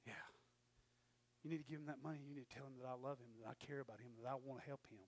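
A man preaching a sermon and telling a personal story, swinging from loud emphatic preaching to quiet storytelling. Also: medium pitch, level tone, racing.

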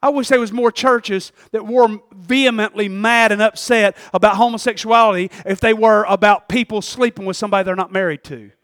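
Emphatic preacher in his forties, high voice. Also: fairly even intonation, fairly quick, hardly any pauses, no room sound, studio quality. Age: 40s. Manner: emphatic, swings from loud preaching to low asides, folksy. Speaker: pastor. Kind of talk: sermon.

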